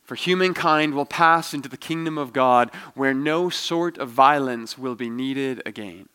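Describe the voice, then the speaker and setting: A man reading as a calm, gentle preacher. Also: medium pitch, measured pace, smooth. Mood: calm conviction. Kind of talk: dramatic reading from a novel.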